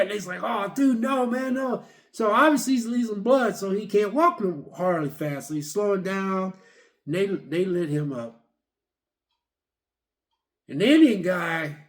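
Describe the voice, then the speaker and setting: A middle-aged man in a casual vlog, excitedly retelling a movie's scenes and acting out the characters' lines. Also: high voice. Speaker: vlogger reviewing a movie.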